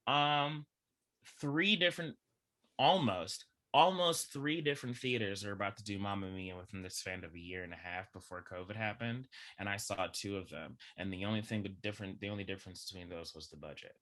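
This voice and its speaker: Deep, bright-toned young man chatting. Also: a little fast. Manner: animated, chatty, heavy use of filler words. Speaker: podcast guest. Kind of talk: casual chat.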